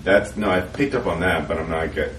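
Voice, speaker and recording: Very deep-voiced man in an echoey room. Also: fairly bright tone. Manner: casual, halting, swears. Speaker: player. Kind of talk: casual tabletop game play. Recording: distant echoey mic, faint noise.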